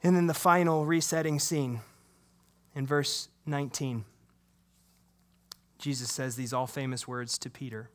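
High-ish voiced preacher guy, lively sermon, talks back and forth with the room. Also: measured pace. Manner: animated preaching, acts out dialogue, asks the congregation questions. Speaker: pastor.

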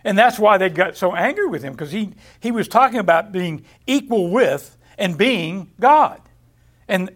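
Male preacher, high voice, halting delivery with repeated words, scripture-reading cadence. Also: fairly bright tone. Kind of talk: Bible study sermon.

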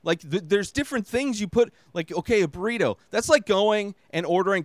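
A man's voice: high voice, expressive, a little fast, no room sound, studio quality. A man hosting his own podcast, giving a casual movie review in a rambling, exasperated way with lots of filler words. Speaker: podcast host.

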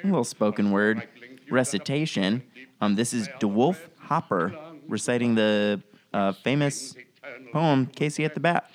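A man's voice: medium pitch, lively intonation, a little slow. A man co-hosting a podcast in casual chat, jokey and offhand with casual swearing. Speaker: podcast co-host.

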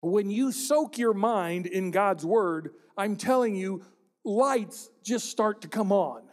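A man's voice: sits high, takes it slowly. A man preaching a sermon to his congregation, speaking conversationally and often asking them questions. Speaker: pastor.

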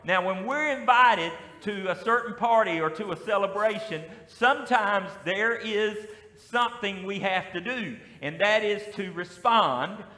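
High-voiced Southern preacher in echoing hall. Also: male voice, a little slow, hardly any pauses. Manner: lively call-and-response preaching. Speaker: pastor. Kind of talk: sermon. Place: church sanctuary. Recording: echoey hall with long reverb.

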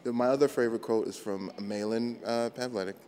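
A man's voice: medium pitch, fairly even intonation, a little fast, mellow, slight background noise. A man, a comedian guest, chatting casually and rambling through anecdotes between laughs. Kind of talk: casual chat.

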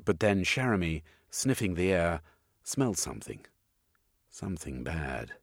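A man reading scripted narration for an audiobook with expressive, varied intonation. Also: low voice, measured pace, creaky, dry recording, studio quality.

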